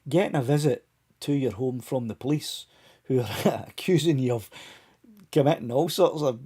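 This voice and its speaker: Man, live stream host, relaxed chatty delivery to his viewers, mellow husky tone. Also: medium pitch, moderate pace. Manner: chatty, talks straight to viewers by name. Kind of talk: casual live stream chat.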